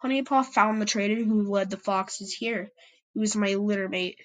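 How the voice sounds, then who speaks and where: A woman's voice: mid-range voice, normal speed, fairly bright tone, close to an everyday voice, low-quality recording. A woman doing a somber tomcat leader. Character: grave male clan leader cat sharing bad news.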